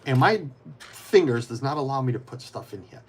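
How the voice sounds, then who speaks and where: Male live-streamer, mid-pitched, rambling and chatty, mutters asides while building. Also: expressive, fairly quick, breathy edge. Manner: rambling, many restarts, answers viewers by name; mutters to himself while fiddling with pieces. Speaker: livestreamer.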